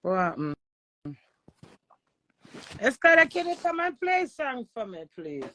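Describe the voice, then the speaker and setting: A woman's voice: sits high, very animated, unhurried, sharp tone, slight background noise. A woman with a Jamaican accent chatting casually on a livestream, playful and boastful in patois. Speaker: livestream host.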